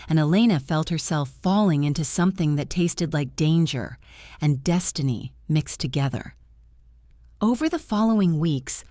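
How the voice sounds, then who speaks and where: A woman narrates a dramatic romance story in an even, storytelling manner. Her voice is lowish, and the recording is close and completely dry. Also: dry recording.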